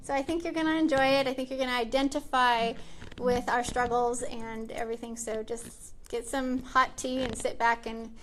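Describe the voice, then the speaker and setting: A woman's voice: on the high side, fairly even intonation, normal speed, a little hiss or hum. A woman hosting her own show from a small library room, talking casually and cheerfully with lots of ums and likes. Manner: chatty and upbeat with frequent ums and likes. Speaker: show host. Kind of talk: casual chat to a live-stream audience.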